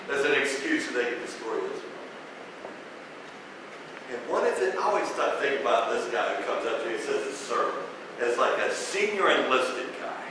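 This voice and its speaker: A male pastor preaching a sermon in an animated, conversational way, telling the story with comic asides and asking the congregation questions. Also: high voice. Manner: animated storytelling, acts out characters with comic voices and laughs. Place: church sanctuary. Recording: very echoey church, distant mic, faint noise.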